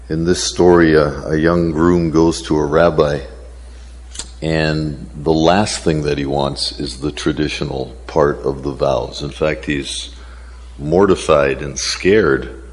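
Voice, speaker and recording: A man delivers a sermon in a very low, slow voice, easing into a story with ums and uhs. His words ring out with a long reverberant tail. He takes his time between phrases. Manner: unhurried storytelling with fillers. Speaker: pastor.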